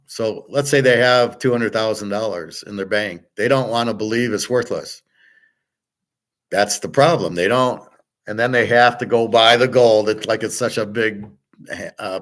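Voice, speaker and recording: A man talks in a loose, rambling monologue as the host of his own show. He is blunt and profane, often restarting his sentences and trailing off into fillers before pressing his point again. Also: fairly low pitch. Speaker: podcast host and betting tipster.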